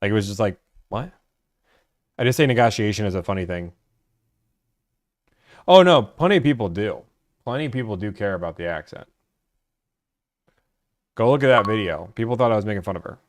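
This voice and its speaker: A man's voice: lowish voice, animated, brisk, long pauses, dry recording, studio quality. A young man from Georgia chatting casually on a live stream about buying cars, rambling and filling his talk with "like.". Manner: rambling, full of "like" fillers.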